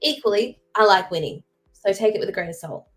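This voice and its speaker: A young woman from Derry with a Northern Irish accent, co-hosting a casual podcast chat with opinionated, quick analysis. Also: medium pitch, animated. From Northern Ireland. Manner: opinionated, fast analytical talk with fillers. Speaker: co-host.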